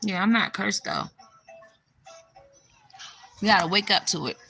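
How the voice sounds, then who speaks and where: With a gravelly, medium-pitched, animated voice and a measured pace, a young woman talks casually on a livestream over soft background music. She's a spiritual vlogger who answers her chat's comments bluntly, cursing a lot and letting out loud exclamations.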